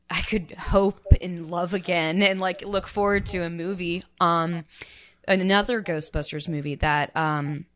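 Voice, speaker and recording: A woman on a podcast reminiscing emotionally in casual chat, with many fillers and pauses. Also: low voice, a bit bright. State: tearful.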